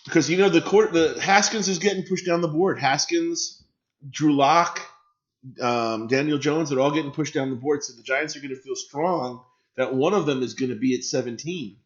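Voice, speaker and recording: A man's voice: on the high side, moderate pace, lo-fi sound. A man hosting a casual live stream, chatting and reacting to viewer comments and swearing freely.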